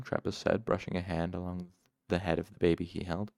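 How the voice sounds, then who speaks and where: Gravelly low man narrating a story. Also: little pitch movement, a little fast, darkish tone, no echo, studio quality. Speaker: audiobook narrator. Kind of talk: scripted first-person narration.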